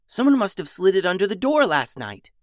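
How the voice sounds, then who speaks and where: A man voicing an eager, excitable young woman who runs an adventuring business in a children's story, talking in a bubbly, gushing way. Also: high voice, fairly quick, dry recording, clean studio sound, pitched above the performer's own voice. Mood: excited.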